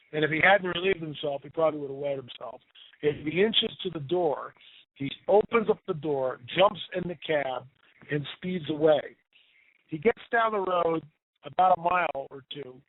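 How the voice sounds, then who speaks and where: A man on a tinny, phone-like line tells eerie tales in an animated, emphatic way, repeating words for effect. His voice sits a bit high, and the sound is dry and close. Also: no echo. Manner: animated, tells spooky stories with emphatic repetition. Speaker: radio guest storyteller. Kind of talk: casual storytelling on talk radio.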